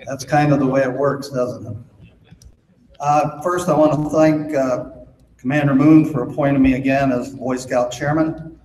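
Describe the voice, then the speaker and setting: A man's voice: medium pitch, steady tone, normal speed, darkish tone. A man from Minnesota, the Boy Scout chairman, giving a convention speech and telling a folksy joke, with frequent fillers. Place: large convention hall. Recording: echoey convention hall, faint noise.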